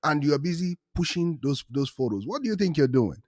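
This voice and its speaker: A man hosting a casual chat show, telling stories with animated delivery and acting out the people in them. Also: fairly high pitch, brisk, no room sound, studio quality. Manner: animated storytelling, acts out voices in quotes. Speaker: show host.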